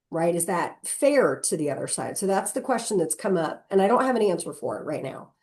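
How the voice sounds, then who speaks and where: A woman's voice: lowish voice, animated, a little fast, few pauses. A woman mediator speaking earnestly on a panel, often ending her points with rhetorical questions. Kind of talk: panel discussion.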